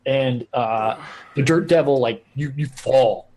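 A man's voice: mid-range voice, slow, a little mellow, slight background noise. A young man narrating as game master, rambling with lots of filler likes.

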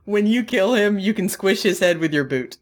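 A woman's voice: mid-range voice, lively intonation, normal speed. A woman co-hosting a casual gaming podcast, chatty and laughing often, with lots of fillers. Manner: giggly, chatty, hesitant fillers. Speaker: podcast co-host.

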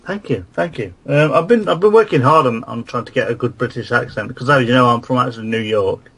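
A man's voice: mid-range voice, fairly quick, fairly bright tone, husky. A man hosting a comedic podcast, joking and rambling with stammered restarts. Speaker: podcast host.

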